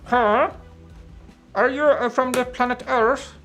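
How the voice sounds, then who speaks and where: A man's voice: extremely high pitch, fairly even intonation, takes it slowly, a bit bright, faint music behind, voice pushed up, full character voice. A man doing an impression of a small, menacing male Martian alien from a cartoon, with a muffled voice and pompous threats. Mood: mock menace.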